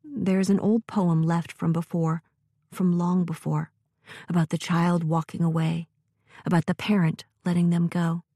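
A woman reading a story aloud in a gentle, measured way, as a narrator. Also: fairly low pitch, level tone, dry recording, clean studio sound.

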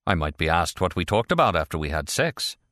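A man's voice: low-pitched, big pitch swings, a little fast, fairly bright tone, dry recording. A man voicing a cool, sardonic male operative who speaks dryly and with formal irony. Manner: dry, formal and ironic.

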